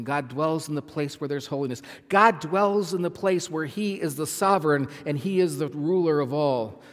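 A man preaching a sermon as pastor, emphatic, repeating phrases and swinging from loud to soft. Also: on the high side, long reverb tail. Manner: emphatic, repeats phrases, swells and drops in volume.

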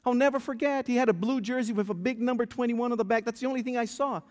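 A male pastor preaching a sermon, telling a story with lively, stammering restarts. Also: very high voice, fast. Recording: long church hall reverb.

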